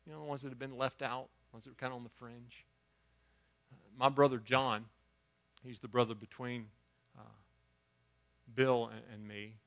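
A male preacher in full storytelling mode. He drops to quiet asides, then bursts out loud, and often stumbles over and repeats words as the story runs on. His voice sits at an ordinary mid pitch for a man. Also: flat delivery, normal speed. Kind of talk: storytelling sermon.

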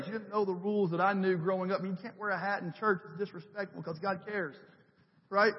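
High-pitched guy preaching, chatty but builds with repetition, dull sound with a long church echo. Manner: conversational, builds with emphatic repetition. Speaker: pastor. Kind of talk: sermon. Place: church sanctuary.

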